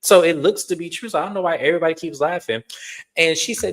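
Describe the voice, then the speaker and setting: A man hosting a reality TV recap in casual commentary, blunt and animated, swearing freely and talking to viewers as y'all. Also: on the high side, quick pace.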